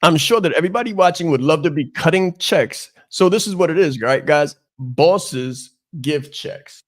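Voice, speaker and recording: A man's voice: on the high side, lively intonation, fairly quick. A man hosting a business podcast as a coach, giving an emphatic motivational talk and repeating his key phrases.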